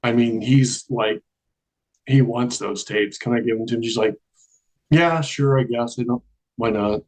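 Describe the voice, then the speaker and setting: A man's voice: mid-range voice, unhurried, rough recording. A man telling a long personal story in a casual interview, acting out the dialogue and laughing often. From Charleston area, American South. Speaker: guest.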